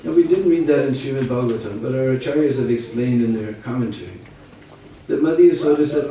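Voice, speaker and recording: A man's voice: mid-range voice, quick pace, slight background noise. Man telling a sermon story, far off. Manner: animated storytelling with asides to listeners. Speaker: preacher. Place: large indoor hall at a summer camp. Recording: echoey hall from far off, faint ambience.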